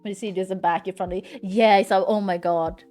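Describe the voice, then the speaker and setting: A woman's voice: mid-range voice, steady tone, brisk, mellow, faint music behind. A woman streaming live from home, chatting casually in a blunt, ranting way and swearing freely.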